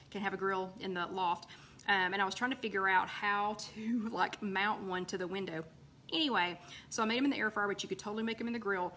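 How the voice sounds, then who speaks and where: A woman's voice: mid-range voice, sharp tone, slight background noise. A woman hosting a live recipe chat from her home, rambling casually with lots of ums and greeting viewers by name.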